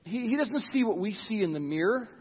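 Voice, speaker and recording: A man's voice: high-pitched, animated, brisk, slightly rough, in a large hall, narrow, tinny audio. A pastor giving a sermon in church, earnest and conversational, often repeating words as he starts a thought.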